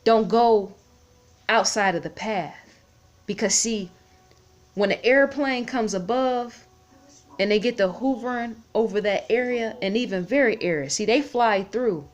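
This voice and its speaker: A woman's voice: medium pitch, dull audio. A woman talking off the cuff in a vlog, rambling and repeating herself, holding back tears. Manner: rambling, repeats words, pauses to type on phone. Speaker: vlogger. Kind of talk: casual unscripted talk to camera.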